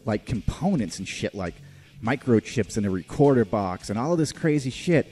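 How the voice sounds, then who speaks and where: A man's voice: medium pitch, big pitch swings, moderate pace, dark tone, faint music behind. A man hosting a casual podcast, reviewing a movie in a rambling, profane way with lots of fillers. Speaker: podcast host.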